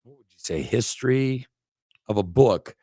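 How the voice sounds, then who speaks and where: A man's voice: mid-range voice, lively intonation, normal speed, dark tone, dry recording, studio quality. A middle-aged man co-hosting a casual talk show, rambling and preachy, acting out little quotes as he goes. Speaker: podcast co-host. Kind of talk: casual motivational chat.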